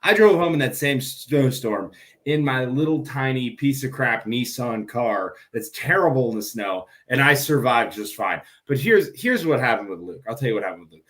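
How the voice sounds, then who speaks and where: A man's voice: mid-range voice, lively intonation, moderate pace, few pauses, fairly bright tone. A man co-hosting a casual podcast who teases and cuts in to retell his brother's story. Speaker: podcast co-host.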